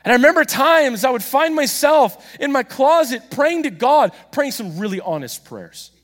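A man preaching a sermon, telling a story with animated, self-deprecating humor and acting out the dialogue himself. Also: very high-pitched, moderate pace. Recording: long reverb of a large hall.

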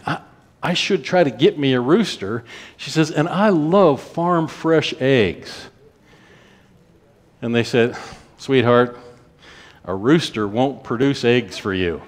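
A man with a mid-range voice tells a testimony story during a sermon in a folksy style. He rushes through some stretches and slows down for emphasis.

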